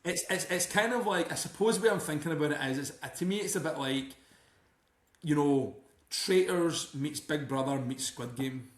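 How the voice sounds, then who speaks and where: A man's voice: on the high side, moderate pace. Scottish man, chatty, in a roomy space. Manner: rambling, many restarts and "you know". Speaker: guest author and teacher. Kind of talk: casual podcast interview. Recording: roomy echo.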